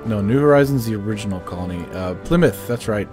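A man streaming a game live, chatting and joking with viewers in a casual, animated way while sounding tired. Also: lowish voice, quick pace. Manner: animated, jokey, chats with viewers. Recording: game soundtrack music playing behind. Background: game soundtrack music.

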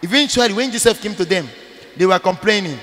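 High, bright-voiced preaching priest. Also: male voice, animated, quick pace, big-room sound. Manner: emphatic preaching with sudden loud bursts; repeats phrases for emphasis. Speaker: Catholic priest. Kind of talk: sermon.

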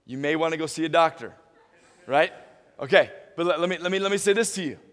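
A man preaching a sermon as pastor, animated, stumbling and restarting often, and acting out little dialogues. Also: fairly high pitch, quick pace. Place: church sanctuary. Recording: reverberant church hall.

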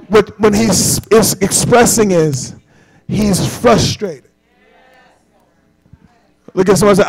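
A man preaching a sermon live in church, getting the congregation to repeat after him and swinging from quiet talk up to shouting. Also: expressive, a little slow, pauses often, slightly rough, rough recording. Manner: builds to shouting peaks, then drops low. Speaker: pastor. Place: church sanctuary, recorded live.

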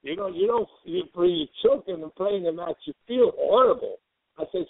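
A man's voice: high-pitched, wildly swooping pitch, normal speed, creaky, no echo. An older man, a tennis coach, telling blunt stories in an interview and often quoting what he tells players and parents. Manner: blunt, repetitive, quoting himself. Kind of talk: storytelling interview. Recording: tinny phone-like line.

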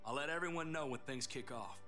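A man voicing a brash gruff survivor. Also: mid-range voice, brisk, pushed and bright, faint music behind, close to an everyday voice.

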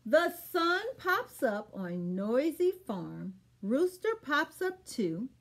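A children's librarian reading a picture book aloud to children with animated storytelling. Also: female voice, high voice, slow pace. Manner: animated storytelling with sound effects.

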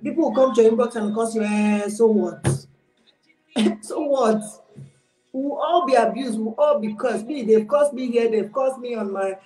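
A woman's voice: a little high, normal speed, mellow, soft background music. A woman giving an informal, exhorting online sermon, mixing in pidgin phrases. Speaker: preacher. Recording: roomy echo.

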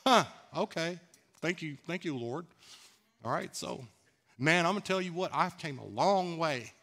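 A man's voice: a little high, animated, unhurried, fairly bright tone. A man preaching a sermon as pastor in a church, talking candidly and conversationally, laughing at himself. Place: church sanctuary.

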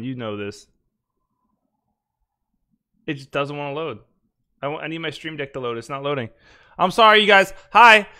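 A young man live-streaming a ranked match, flustered and exasperated as his tech fails, sometimes shouting. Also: mid-range voice.

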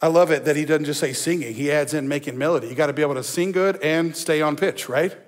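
A man's voice: fairly high pitch, fast. A male pastor preaching a sermon in a conversational, emphatic way, with asides to the congregation. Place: church.

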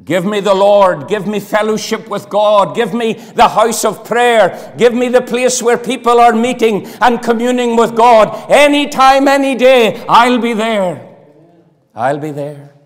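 A man preaching a sermon with fervour, his voice swinging from loud declarations to hushed appeals. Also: very high-pitched, unhurried, few pauses. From Northern Ireland. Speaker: pastor. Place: church hall. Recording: long hall reverb.

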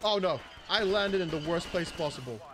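A man talks through a shooter game in excitable, panicky bursts, his pitch high for a man and jumping all over. Clear game noise and ambience sit behind his voice. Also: moderate pace. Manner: excitable, panicky running commentary. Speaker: gaming channel host. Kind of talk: gameplay commentary.

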